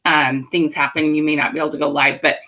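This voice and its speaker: A woman's voice: low voice, level tone, quick pace, dull audio. A woman hosting a live webinar, chatty and upbeat with lots of fillers. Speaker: host.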